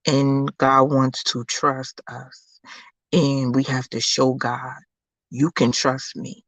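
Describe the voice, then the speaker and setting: A livestream host giving an emphatic, repetitive faith-based pep talk, calling listeners "baby" and swinging from low, slow murmurs up to high, loud bursts. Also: level tone, no echo. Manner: preachy, emphatic, repeats phrases, calls listeners baby.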